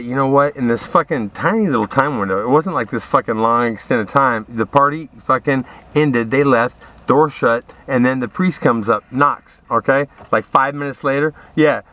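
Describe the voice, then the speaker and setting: A man's voice: medium pitch, moderate pace, hardly any pauses, a bit bright. A man in a profane, rambling, aggrieved rant, talking straight at his listeners. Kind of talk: ranting monologue to camera.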